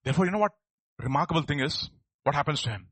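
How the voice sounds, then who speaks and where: A man's voice: fairly high pitch, animated, rapid-fire, fairly bright tone, slightly rough, no echo. A man preaching a sermon, asking his listeners rhetorical questions. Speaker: pastor.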